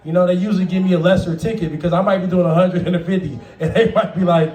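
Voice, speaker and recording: A man's voice: high voice, fast, few pauses, a little mellow, reverberant, distant mic. A man performing a profane stand-up comedy set, laughing often and acting out the people in his stories. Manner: profane, laughing, acts out quoted voices. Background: audience laughter.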